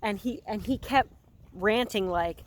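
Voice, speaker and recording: A woman's voice: mid-range voice, unhurried, slight background noise. A woman chatting casually for her vlog outdoors on a farm pasture, cooing at her animals as she goes. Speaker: horse owner and vlogger.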